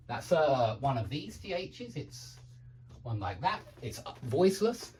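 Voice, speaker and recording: A man teaching English pronunciation in an online lesson, a native speaker who drills words slowly and repeats them for practice. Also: on the high side, animated, darkish tone.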